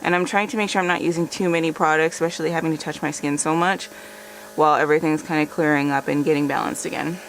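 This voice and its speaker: A woman's voice: sits low, steady tone, fast talker, a little hiss or hum. A woman talking casually through a makeup tutorial on her channel, chatty, with frequent laughs and lots of "like" and "kinda". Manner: chatty, laughs often, filler words like "like" and "kinda". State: a bit out of breath. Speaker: makeup vlogger.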